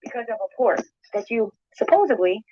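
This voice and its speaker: A woman's voice: fairly high pitch, lively intonation, a little fast, dark tone, no echo, dull audio. A woman ranting in a heated, accusatory way. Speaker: YouTuber in a played clip. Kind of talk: angry rant.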